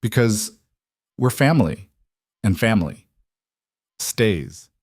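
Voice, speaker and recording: A man voicing a young boy who speaks in a halting, hesitant way. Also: on the low side, very animated, a little mellow, heavily acted.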